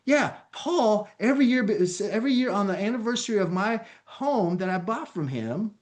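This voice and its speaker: A man's voice: high-pitched, moderate pace, pitched above the performer's own voice. A man voicing a cheerful middle-aged uncle who brags about a free vacation. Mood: boastful. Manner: excited, boastful.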